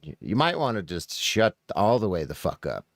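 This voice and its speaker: A man's voice: low-pitched, big pitch swings, moderate pace, creaky, no echo, clean studio sound. A man streaming a profane, blunt reaction commentary, mocking what he hears and swearing freely. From United States.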